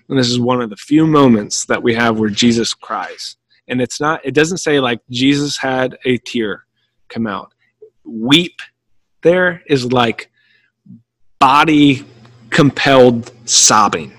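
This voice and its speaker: A man preaching a teaching sermon in an earnest way, often restarting his sentences and slowing down for quoted scripture. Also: medium pitch, a bit bright, no room sound. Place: room at home.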